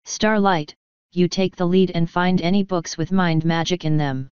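A woman voicing an earnest, studious young female pony who leads her friends, in her own low, clear reading voice. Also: fairly even intonation, moderate pace, a little mellow, no room sound, lightly acted. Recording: dull lo-fi dry recording.

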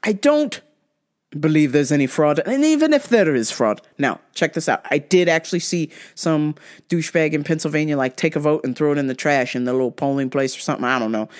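A woman hosting a podcast, ranting bluntly and casually, swearing constantly. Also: sits low. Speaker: podcast host. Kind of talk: casual profane rant.

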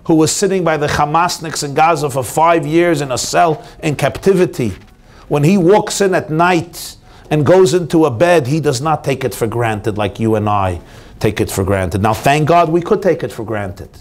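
A man, a rabbi, giving an inspirational talk at an event, telling stories and jokes with lively swings in his voice for emphasis. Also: moderate pace. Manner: animated storyteller, swings pitch for emphasis. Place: hotel event hall.

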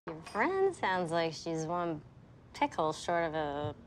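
A woman's voice: fairly low pitch, sing-song, slow, slight background noise. An actress playing a brash, self-absorbed young woman who talks bluntly and sarcastically in a TV sitcom. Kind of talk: TV sitcom acting.

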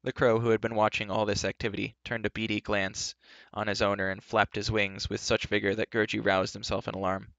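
A man reading a novel aloud in steady narration, with the odd slip, on a dull lo-fi recording. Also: lowish voice, a little fast, vocal fry, no room sound. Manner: steady narration with brief slips. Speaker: audiobook reader. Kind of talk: live book reading.

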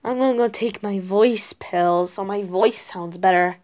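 A woman's voice: mid-range voice, measured pace, darkish tone, close to an everyday voice. A woman voicing a scolding male wizard caretaker who nags about bedtime. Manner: scolding, nagging.

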